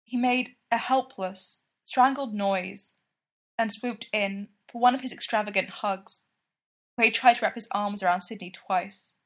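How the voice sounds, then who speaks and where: Woman, story reader, fan fiction, steady, even, mid-pitched voice. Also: measured pace. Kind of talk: reading fan fiction aloud.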